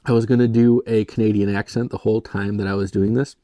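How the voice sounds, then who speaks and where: A man's voice: on the low side, flat delivery, quick pace, dark tone, dry recording. A young man from Michigan hosting a casual solo beer review, rambling and self-deprecating, full of "like" and "kind of". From Michigan, USA. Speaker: beer reviewer, show host.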